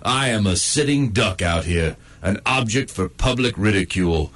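A man's voice: fairly low pitch, lively intonation, moderate pace, a bit bright. A man voicing a grumpy, sarcastic male dog stuck in a cone, in a comedic inner monologue. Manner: sardonic, self-pitying and crude.

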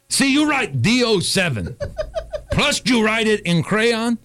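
A menacing, swaggering gangster pharmacist in a comedy sketch. He speaks with a thick put-on accent and broken grammar, high and swooping in pitch, drawing out his threats slowly. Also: very animated, pushed and bright, heavily acted. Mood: mocking. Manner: threatening, laughing at his own jokes.

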